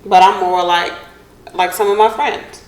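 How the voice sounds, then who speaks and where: Lively storytelling woman in echoey room. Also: mid-range voice, measured pace. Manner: lively storyteller, laughing while she talks. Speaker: podcast co-host. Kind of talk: casual chat. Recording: echoey room, faint hiss.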